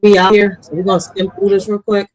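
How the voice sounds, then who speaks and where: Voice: medium pitch, flat delivery, fast talker, faint music behind, low-quality recording. Blunt profane true crime commentator. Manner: blunt, profane, talks straight to viewers. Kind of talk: casual reaction commentary.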